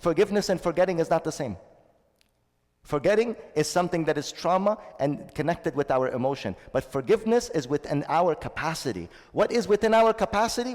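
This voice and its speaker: A man's voice: fairly high pitch, a little mellow, big-room sound. A man delivering a sermon as a shaykh, earnest and repeating his key phrases, with stretches of Arabic recitation. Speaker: shaykh giving a Ramadan talk.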